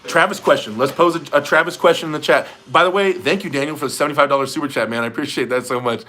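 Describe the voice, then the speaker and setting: A man's voice: a little high, racing, sharp tone. A man hosting a casual livestream from his garage, joking and reading out viewer messages. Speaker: livestream host. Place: home garage.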